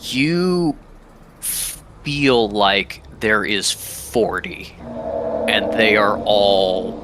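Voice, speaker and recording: A man's voice: fairly low pitch, heavy background noise. A man narrating as game master of a tabletop game, hesitant and full of ums and restarts.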